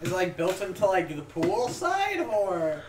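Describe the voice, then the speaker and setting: High voiced guy making quick jokes, roomy echo, chatter in the background. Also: wildly swooping pitch, slight background noise. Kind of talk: casual chat while playing a card game.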